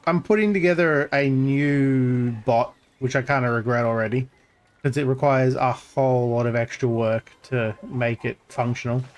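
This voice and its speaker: A man's voice: medium pitch, darkish tone. Guy streamer joking around over gameplay, sarcastic asides, casual chatty voice.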